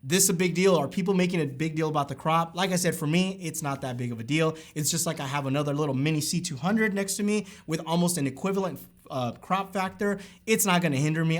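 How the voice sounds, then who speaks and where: A young man with a fairly high voice vents his opinion about a camera straight to his viewers. He talks casually and emphatically, as if chatting with friends in the comments. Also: quick pace, hardly any pauses. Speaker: camera review vlogger.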